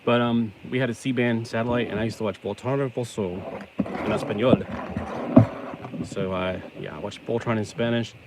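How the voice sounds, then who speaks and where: A man's voice: mid-range voice, normal speed. A middle-aged man rambling casually while building a toy, joking at his own expense. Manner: chatty, self-deprecating, joking asides. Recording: steady background noise.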